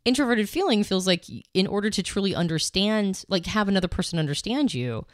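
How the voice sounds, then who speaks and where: A woman's voice: medium pitch, lively intonation, a little fast, no echo, studio quality. A woman co-hosting a podcast, explaining ideas conversationally with some fillers and restarts. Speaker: podcast co-host.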